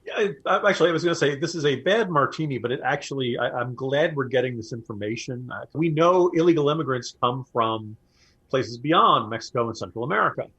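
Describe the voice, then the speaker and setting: A man's voice: medium pitch, animated, brisk, a bit bright, slightly rough. A man co-hosting a political talk show, giving casual commentary and building his points to punchy quips. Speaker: podcast co-host.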